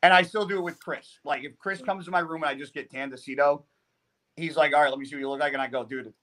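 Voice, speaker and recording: Man, podcast guest, swears a lot, lively anecdotes, slightly high voice. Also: quick pace. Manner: profane, animated storyteller. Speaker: podcast guest, pro bodybuilder. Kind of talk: casual storytelling.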